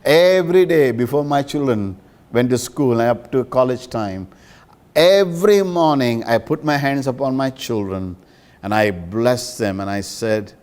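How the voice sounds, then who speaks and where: A man's voice: unhurried, darkish tone. A man preaching a sermon as a pastor and counselor, emphatic and pleading. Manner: emphatic, pleading, with dramatic pitch swings.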